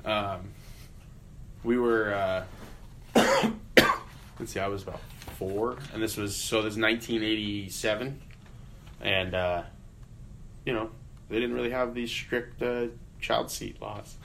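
A man in his thirties talks in a fairly low, easy voice. He is a comedian guest on a casual podcast, and he rambles through profane stories with plenty of fillers. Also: steady tone, slow, gravelly, long pauses, a bit bright, a little hiss or hum. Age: 30s.

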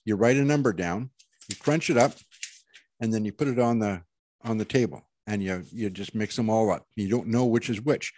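A man's voice: lowish voice, normal speed, darkish tone. A man talking casually as an intuitive reader, rambling earnestly with many restarts and self-corrections. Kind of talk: casual panel chat, giving a reading.

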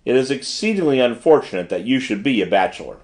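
A man voicing a brisk, fussy middle-aged male manager who talks formally and gushes in an audiobook reading. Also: medium pitch, big pitch swings, darkish tone, close to an everyday voice. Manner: formal, gushing and exacting.

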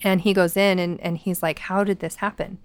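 A woman's voice: on the low side, fairly quick, dry recording. A woman, co-host of a paranormal talk show, retelling a story in casual chat and quoting the people in it. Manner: animated, quotes people as she tells the story.

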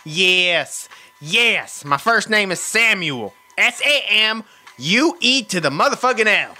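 A man voicing a hot-tempered, profane, streetwise caller on a prank phone call, loud and animated, swinging from rage to sweet talk. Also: high voice, slow, heavily acted. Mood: boisterous.

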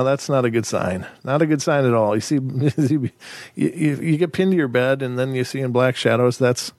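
A man's voice: medium pitch, vocal fry, a little mellow, dry recording. A man hosting a podcast in a casual, rambling way, full of joking asides, small chuckles and fillers. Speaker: podcast host. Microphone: microphone.

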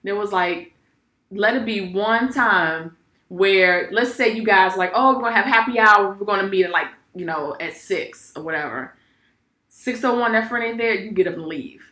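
A woman's voice: mid-range voice, normal speed, bright, forceful tone. A woman in a casual chat, talking in a chatty way and quoting others in exaggerated voices. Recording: roomy.

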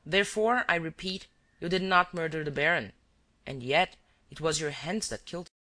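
A reader voicing a male detective who is cool and relentless, laying out accusations calmly and evenly. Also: medium pitch, heavy background noise, lightly acted. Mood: grave. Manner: calm, measured accusations.

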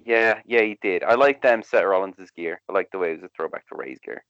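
A man co-hosting a casual wrestling podcast, talking fast and swearing freely. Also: low-pitched, fairly bright tone, clean tone, muffled recording. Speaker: podcast co-host.

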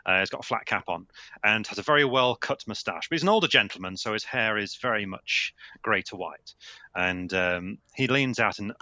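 Bright animated player guy narrating, ums everywhere. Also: lowish voice, no echo. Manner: halting, lots of fillers. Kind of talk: tabletop game narration.

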